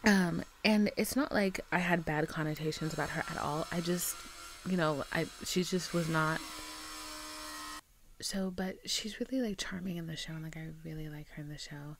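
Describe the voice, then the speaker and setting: A woman's voice: low voice, normal speed, a little hiss or hum. A young woman talking casually to her camera, rambling and chatty, calling her viewers "girl". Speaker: vlogger. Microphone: camera mic.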